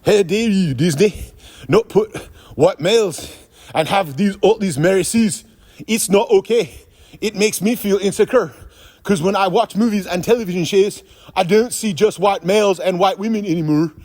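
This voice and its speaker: A man's voice: high voice, normal speed, a little mellow, voice pushed up. A man putting on the voice of an indignant, insecure male film critic in a mocking way. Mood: mock outrage. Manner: mock-outraged, exaggerated complaining.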